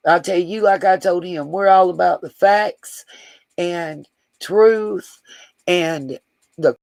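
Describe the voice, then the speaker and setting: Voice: mid-range voice, takes it slowly, creaky, a little mellow, no echo, rough recording. A man hosting a livestream, chatting casually and affectionately to viewers as he reads their comments aloud. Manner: affectionate, rambling, talks straight to viewers. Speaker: livestream host.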